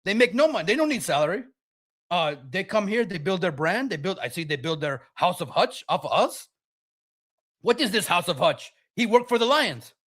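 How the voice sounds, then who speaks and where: A man's voice: sits high, expressive, moderate pace, fairly bright tone. A man voicing a stingy, penny-pinching male football general manager who haggles and fires off indignant questions.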